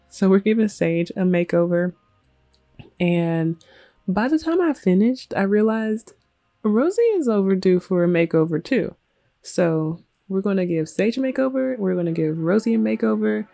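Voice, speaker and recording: A woman's voice: medium pitch, lively intonation, a little slow, gravelly, dark tone, no echo, studio quality. A woman hosting a let's play, casually narrating her game in a chatty, storytelling way. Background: faint music.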